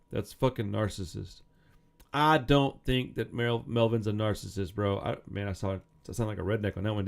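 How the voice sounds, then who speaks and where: A man's voice: on the low side, vocal fry. A man in his thirties giving casual, rambling commentary, reading out quotes from a magazine article with frequent swearing. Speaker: punk music video host.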